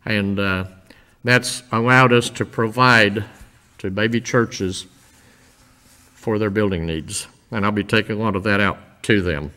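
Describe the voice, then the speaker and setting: An older man speaking informally to a church congregation, telling stories in a folksy, rambling way with many pauses. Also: lowish voice, fairly even intonation, pushed and bright. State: emotional, voice dropping. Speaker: visiting church-building minister.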